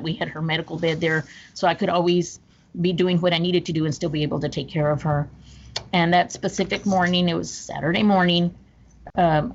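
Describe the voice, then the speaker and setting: A woman recounting a personal story as a guest, in an earnest, detailed way with small restarts. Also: on the low side. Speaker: podcast guest. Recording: slightly muffled with faint noise.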